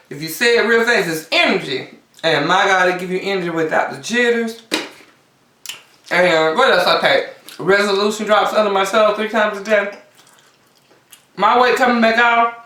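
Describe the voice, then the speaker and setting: Woman, mukbang vlogger, casual eating chat, crisp bright tone, roomy echo, recorded from a distance. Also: medium pitch. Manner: chatty, talks between bites with drawn-out mms.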